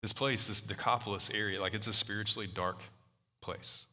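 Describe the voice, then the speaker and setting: Pastor guy preaching, chatty with lots of restarts, low voice that sounds really forceful and tense, long echo. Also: steady tone, a little fast. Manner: conversational preaching, frequent fillers and restarts. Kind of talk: sermon.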